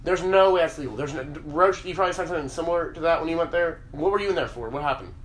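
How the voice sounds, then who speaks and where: A man's voice: a little high, racing. A young man telling a story as a podcast host, casual and profane, rambling along. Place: podcast room. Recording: roomy echo, faint hiss.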